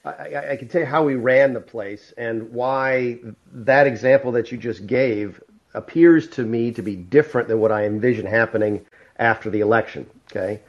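A middle-aged man answering interview questions in a measured, explanatory way, often restarting his sentences. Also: medium pitch, highs cut off. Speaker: guest, former White House chief of staff.

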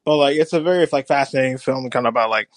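A man's voice: mid-range voice, very fast, no echo, low-quality recording. A young man in his twenties, a panelist on a podcast, chatting casually and filling his speech with "like.". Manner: filler-heavy, says "like" a lot. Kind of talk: casual chat.

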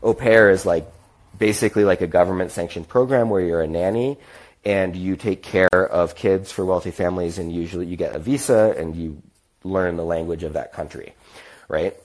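A man's voice: low-pitched, normal speed. A young American man casually telling a rambling travel story, acting out the people he quotes. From United States. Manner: rambling, acts out quotes in other voices. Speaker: podcast host.

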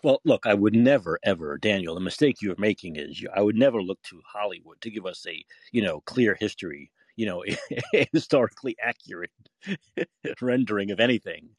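A former film critic hosts a casual call-in podcast, emphatic and opinionated. His fairly low, slightly rough voice is expressive and brisk, with no room sound.

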